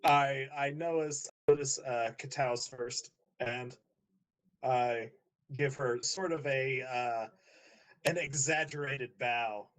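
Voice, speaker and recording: Un hombre que juega una partida de rol de mesa y describe con calma y tono casual lo que hace su personaje, con muletillas frecuentes. Su voz tiene un tono medio y natural. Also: male voice, mid-range voice, slow, poor audio. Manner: casual, fillers. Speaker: player. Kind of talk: describing his character's actions.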